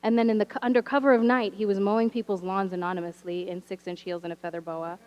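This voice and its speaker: A woman teacher telling stories from her classroom in a church sermon, animated and wry, with humorous asides. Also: medium pitch, quick pace, clear, resonant tone, lo-fi sound. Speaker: teacher sharing a story from the pulpit. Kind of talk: storytelling sermon. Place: church sanctuary.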